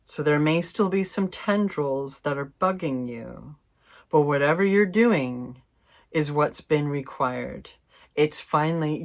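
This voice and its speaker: A woman with a low voice reads tarot cards for her viewers, talking unhurriedly. Her delivery is chatty and informal, with mild swearing. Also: very animated, takes it slowly. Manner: chatty, swears mildly, laughs, addresses viewers as fam. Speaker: tarot reader. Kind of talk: casual intuitive tarot reading.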